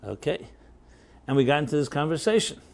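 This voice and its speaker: A man's voice: fairly high pitch, very animated, fairly quick, a little mellow. A man, a rabbi, telling a story to a workshop audience in a loose conversational way, full of fillers, chuckles and tag questions. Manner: anecdotal, chuckling, filler-heavy.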